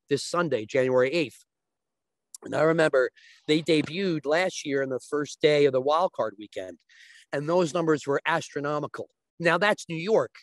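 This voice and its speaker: A man's voice: fairly high pitch, no echo. A man as a guest, explaining sports betting in casual chat with long, restarting sentences.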